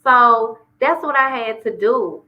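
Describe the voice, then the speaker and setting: Woman guest, lively storyteller, candid testimony, a bit lo-fi. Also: slow pace. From Memphis, Tennessee. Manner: animated storyteller, acts out dialogue with lively pitch jumps. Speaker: guest singer sharing her story.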